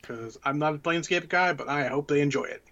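A man's voice: on the high side, quick pace, fairly bright tone, muffled recording. A man co-hosting a casual podcast chat, blunt and full of profane rants. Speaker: podcast co-host.

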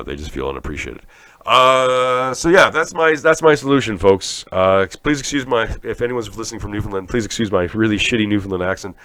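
A man's voice: on the low side, fairly bright tone, no echo. A man from Canada hosting a podcast, rambling through a profane, sarcastic comic rant. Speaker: podcast host.

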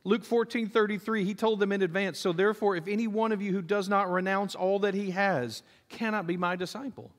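A middle-aged male pastor gives a sermon in a high-pitched voice. He tells stories with humor and slips into acted voices for the people he quotes. The delivery stays animated and conversational. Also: brisk, hardly any pauses. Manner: animated storytelling, acts out quoted voices, jokes with the congregation.

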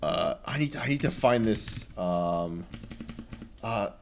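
A man in casual podcast chat, relaxed and easygoing, full of fillers. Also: lowish voice, slow, gravelly, a little hiss or hum. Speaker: podcast co-host.

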